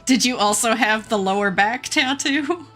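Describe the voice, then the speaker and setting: A woman's voice: a little high, a bit bright. A woman hosting her game stream, chatting casually with friends and laughing easily. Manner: easygoing, giggly, quick to laugh. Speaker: streamer and host. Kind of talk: casual gaming chat. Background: game music.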